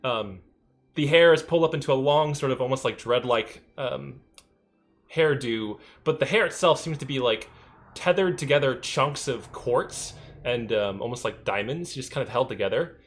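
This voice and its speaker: A man's voice: mid-range voice, moderate pace, faint music behind. A man narrating a tabletop game as game master, hesitant and full of ums. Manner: hesitant, many ums and uhs.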